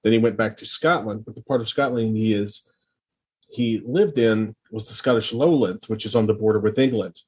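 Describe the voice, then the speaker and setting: A man co-hosting a film podcast with a lowish, husky voice, casually passing on background trivia. He pauses now and then with small fillers as he explains. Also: a little mellow. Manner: informative, shares trivia with some hesitation. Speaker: podcast co-host.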